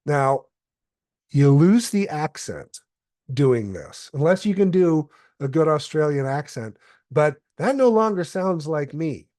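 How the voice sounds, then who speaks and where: A man presenting a step-by-step software tutorial, explaining calmly with occasional fillers. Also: on the high side, slow pace, dry recording, studio quality.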